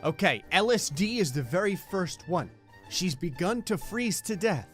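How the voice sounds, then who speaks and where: A young man narrates gameplay in a fairly high voice, full of profane, sarcastic jokes and gleeful mock cruelty. Faint background music plays beneath him. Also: big pitch swings, moderate pace, a bit bright. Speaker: gaming commentator. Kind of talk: comedic gameplay commentary.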